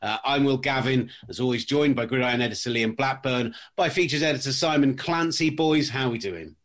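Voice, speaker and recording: A man's voice: mid-range voice, brisk. Guy hosting a sports podcast, chatty, teasing, easygoing. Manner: breezy, jokey, teasing co-hosts. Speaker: podcast host. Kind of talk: casual sports podcast chat.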